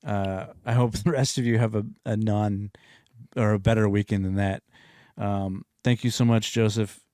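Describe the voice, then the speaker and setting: Low-voiced laid-back man co-host. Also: normal speed, no room sound, clean studio sound. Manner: calm, brief agreeing replies. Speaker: podcast co-host. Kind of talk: casual podcast chat.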